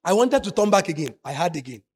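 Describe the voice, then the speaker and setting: A man preaching a sermon, moving from quiet, confiding asides to loud, shouted emphasis. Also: high-pitched, very animated, quick pace, slightly rough. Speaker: pastor.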